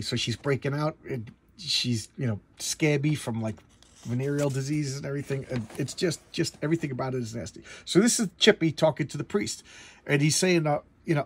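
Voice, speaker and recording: A man's voice: on the high side, brisk, slightly rough. A man giving casual comic book commentary, rambling with stumbling restarts and blunt opinions.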